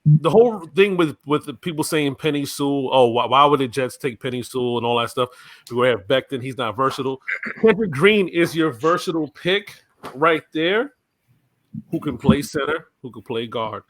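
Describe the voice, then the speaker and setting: A man putting on a brash male pro-wrestler promo persona, growling hype lines and shouting "brother" on a podcast live stream. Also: mid-range voice, expressive, moderate pace, dry recording, close to an everyday voice. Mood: hyped. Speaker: podcast co-host.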